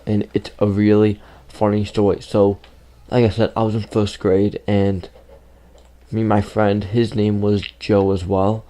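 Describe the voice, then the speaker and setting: A man with a somewhat low, warm and relaxed voice tells a story straight to camera. His delivery is loose and rambling, with lots of "like" and "you know." It sounds like a casual video chat with his viewers. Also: a little slow. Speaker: gaming YouTuber telling a childhood story.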